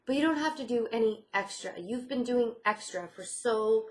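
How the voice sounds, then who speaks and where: A woman's voice: a little high, lively intonation, moderate pace. A woman giving a casual tarot reading, reassuring and repeating herself, often saying she feels things. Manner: reassuring, repeats phrases, many "I feel like" fillers. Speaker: tarot reader.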